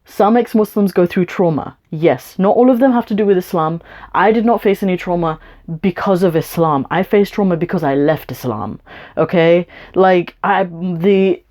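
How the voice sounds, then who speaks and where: A YouTuber rants angrily at her camera, swearing a lot and leaning on sarcasm. Her voice is lowish and a little mellow, at a moderate pace. Her manner is profane, sarcastic and confrontational throughout.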